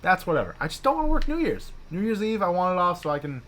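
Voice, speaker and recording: A man co-hosting a casual gaming chat, telling a profane, animated story and acting out the people in it. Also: sits high, fast. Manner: profane, animated, acts out quoted bosses.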